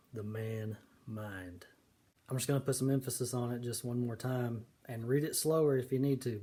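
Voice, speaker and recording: A man giving casual, earnest commentary on scripture, stressing key words slowly. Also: mid-range voice, dark tone. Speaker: video preacher.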